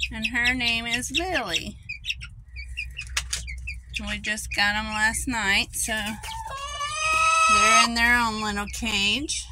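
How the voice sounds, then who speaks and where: A woman keeping backyard chickens, talking casually and coaxing her pets and hens in a sing-song way outdoors by the coop. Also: a little high. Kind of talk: casual farm vlog. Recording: noisy, clucking chickens behind. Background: chickens clucking and roosters.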